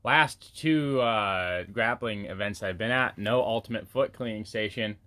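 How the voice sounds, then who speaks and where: A man's voice: fairly low pitch, unhurried, pushed and bright. A man co-hosting a podcast in casual chat, wry and easily amused. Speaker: podcast co-host.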